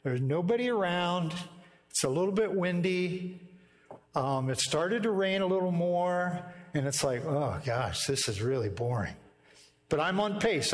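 Storytelling male pastor in a reverberant hall. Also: sits high. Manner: conversational, vivid storytelling. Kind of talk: sermon storytelling and prayer. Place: church sanctuary.

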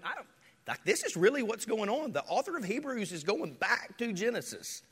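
A male pastor preaching a sermon, rising to loud, impassioned declarations and dropping to near-whispers. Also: high voice, very animated, brisk, breathy edge. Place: church sanctuary. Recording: hall reverb.

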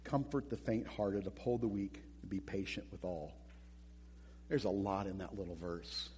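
A man preaching a sermon as pastor, animated, acting out little quotes and often repeating words as he goes. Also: sits low, moderate pace, big-room sound, slight background noise, poor audio.

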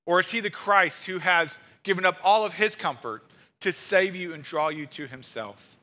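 A man delivers a sermon in a high voice with a sharply bright, forceful tone. He preaches emphatically, driving his points home with rhetorical questions. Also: moderate pace. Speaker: pastor.

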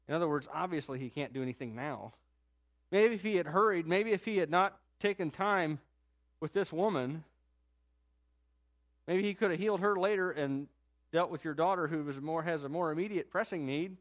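A man preaching in a loose, conversational way, telling the story with lively swings. His fairly high voice jumps up and gets louder at exciting moments, then sinks soft and low when he quotes. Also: normal speed. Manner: conversational, animated storytelling with sudden jumps in pitch and loudness; drops to a soft, low voice when quoting Jesus. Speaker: pastor. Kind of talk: sermon.

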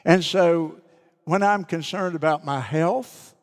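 A middle-aged man pastor preaching a sermon, deliberate and repeating key phrases for emphasis. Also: fairly high pitch, in a large hall.

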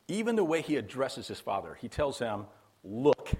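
A man's voice: mid-range voice, huge pitch swings, normal speed, darkish tone, husky. A man preaching a sermon as a pastor, in a conversational, emphatic way that repeats key phrases for weight.

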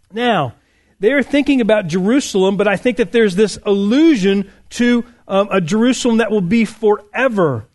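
A man preaching a conversational sermon, reading scripture aloud and explaining it. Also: sits high. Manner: conversational, with fillers and restarts. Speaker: pastor.

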